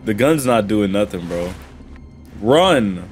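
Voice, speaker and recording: A man reacting live to a gaming video, excitable and slangy, often yelling advice at the characters on screen. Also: lowish voice, slow pace, soft background music.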